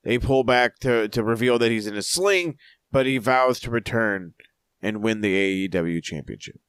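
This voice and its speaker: A man's voice: on the low side, normal speed, fairly bright tone, smooth, no room sound, clean studio sound. A man co-hosting a wrestling review podcast, rambling through profane, jokey recaps in casual chat. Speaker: podcast co-host.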